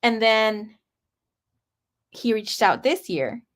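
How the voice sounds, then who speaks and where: This tarot reader is a young woman whose voice sits on the high side, moving slowly with lively intonation. She chats casually and directly to her audience while recounting something from her own life. Her telling is frank and dramatic, full of swearing.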